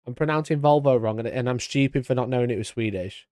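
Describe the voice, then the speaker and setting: A British man hosting a casual live stream, chatty and mock-indignant, talking into a boom-arm mic. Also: quick pace, a little mellow, dry recording, clean studio sound. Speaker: streamer host. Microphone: studio mic on boom arm.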